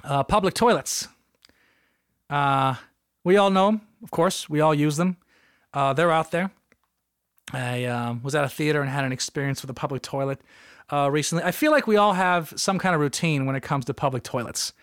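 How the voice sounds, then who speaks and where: A man's voice: on the high side, normal speed, clear, resonant tone, no room sound. Rambling, jokey man with a dry close sound. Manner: rambling, jokey, animated, with frequent asides. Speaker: podcast host. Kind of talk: comedic solo podcast monologue.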